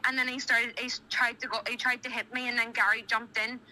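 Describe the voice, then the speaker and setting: Dublin woman caller, agitated and rambling, high sharp voice. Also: little pitch movement, quick pace, low-quality recording. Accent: Irish (Dublin). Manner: rambling, restarts, retells quoted dialogue. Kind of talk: agitated phone account. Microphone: phone on speaker.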